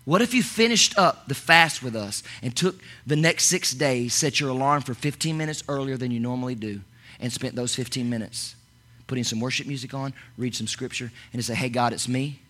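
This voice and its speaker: A man preaching a lively sermon as pastor, talking in bursts with many repeated words and restarts. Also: medium pitch, brisk.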